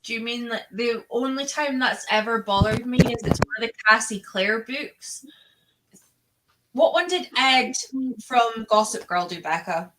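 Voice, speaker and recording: Bright, high-ish woman, quick questions. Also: poor audio. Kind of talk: casual chat.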